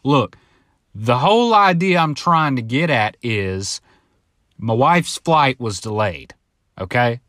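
A man's voice: mid-range voice, animated, slow pace, fairly bright tone, no room sound, studio quality. A man in his thirties hosting a casual solo podcast, telling stories in a rambling way, swearing freely and acting out other people's lines in quotes. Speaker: podcast host. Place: home, now living in Southern California.

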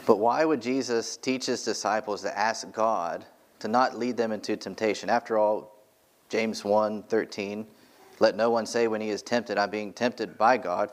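A pastor preaching a sermon from the pulpit of a church, earnest and emphatic, repeating key phrases for weight. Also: male voice, on the low side.

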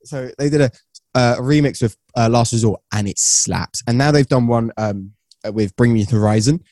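A man's voice: mid-range voice, moderate pace, mellow, dry recording, clean studio sound. A young British man chatting enthusiastically as a guest on a podcast, rambling and slangy. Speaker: guest musician. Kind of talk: casual podcast chat.

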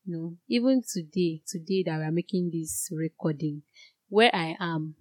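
Woman talking straight and candid, lower voice, bit indignant sometimes, dry mic. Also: moderate pace, dry recording. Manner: earnest and direct, animated when indignant, laughs at herself. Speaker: guest sharing a personal story. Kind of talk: candid personal testimony.

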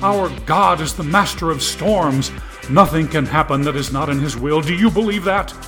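A man's voice: a little high, normal speed, fairly bright tone, soft background music, voice pushed up, lightly acted. A man voicing a tearful male TV preacher who pleads fervently with his flock. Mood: preaching. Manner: preachy, rising fervor, pleading.

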